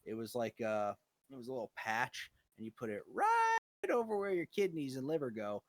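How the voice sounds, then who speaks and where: A man's voice: mid-range voice, wildly swooping pitch, normal speed, dry recording. A young man co-hosting a casual chat, telling rambling, profane stories with a lot of animation. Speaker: co-host.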